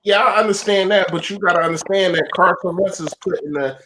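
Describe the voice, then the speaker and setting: A man's voice: sits high, brisk, crowd noise. A man co-hosting a sports podcast, teasing and stumbling over repeated starts in casual chat. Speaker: podcast co-host.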